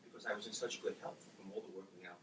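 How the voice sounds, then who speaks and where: Man, forties, storytelling talk, fast-paced, acts out voices, distant mic, roomy hall, background noise. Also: low-pitched. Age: 40s. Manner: animated, acts out his own and others' words. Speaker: speaker telling his story to an audience.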